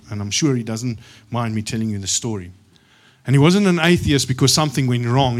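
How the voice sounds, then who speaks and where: A man preaching a sermon. He moves from slow, quiet scripture reading to loud, excited storytelling. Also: mid-range voice. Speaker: pastor.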